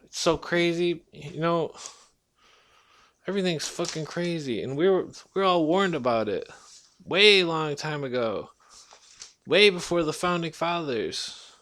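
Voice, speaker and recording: Profane, heated man ranting, slightly high voice. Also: expressive, a little slow, long pauses, a bit bright. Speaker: vlogger. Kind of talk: casual rant monologue.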